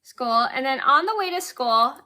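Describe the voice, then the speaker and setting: Late-20s woman vlogger, high bright voice, rambling casual story, frequent self-corrections and giggles. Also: lively intonation, moderate pace. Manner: rambling, repeats words and corrects herself; giggles while telling the story.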